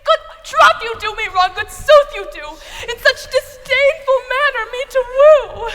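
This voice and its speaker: An actress playing a desperate, lovesick young woman, pleading in a breathy, tearful, theatrical delivery in Shakespearean verse. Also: very high-pitched, unhurried, fairly bright tone. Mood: indignant. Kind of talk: Shakespeare stage acting. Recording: long hall reverb.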